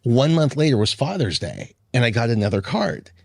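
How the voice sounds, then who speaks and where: A man with a slightly husky, mid-pitched voice shares an earnest personal story in a candid roundtable, full of fillers. The sound is dry, with no room echo. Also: big pitch swings, moderate pace. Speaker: roundtable guest.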